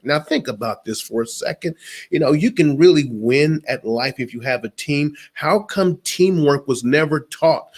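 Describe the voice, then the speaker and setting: Emphatic motivational speaker, a man. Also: medium pitch. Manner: preachy, emphatic, addresses listeners directly. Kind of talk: motivational interview talk.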